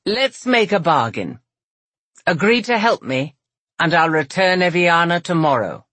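A woman's voice: fairly low pitch, very animated, measured pace, fairly bright tone, no room sound, exaggerated voice. A woman voicing a jovial, teasing male general in an audiobook, easygoing in manner. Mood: earnest. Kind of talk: audiobook character voice.

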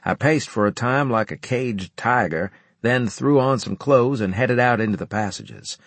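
A man reading a first-person audiobook narration in a measured, wry storytelling manner. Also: mid-range voice, dry recording.

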